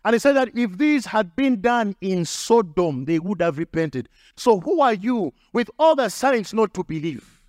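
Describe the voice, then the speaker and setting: High-voiced preaching pastor, dry sound. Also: male voice, sing-song, unhurried, darkish tone, no echo. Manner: emphatic preaching with repetition and acted quotes. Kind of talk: sermon.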